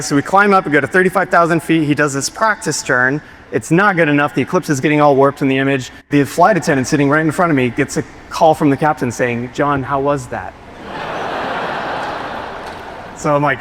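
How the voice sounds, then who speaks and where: A man's voice: fairly high pitch, normal speed, fairly bright tone, a little hiss or hum. A man giving a keynote talk to a live audience, telling a story in an earnest way and getting choked up. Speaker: keynote speaker. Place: large hall before a live audience.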